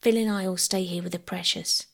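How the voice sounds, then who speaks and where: A woman's voice: lowish voice, fairly even intonation, a little fast. A woman voicing Bobby, a determined young girl. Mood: commanding. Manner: pleading, insistent cries. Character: eager, determined young girl, eldest sister.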